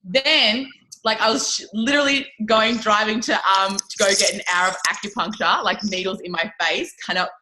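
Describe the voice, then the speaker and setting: A woman's voice: medium pitch, normal speed, bright, forceful tone, low-quality recording. A woman telling a story in a casual interview, chatty and swearing freely, with lots of "like" fillers. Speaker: interview guest, network marketing leader.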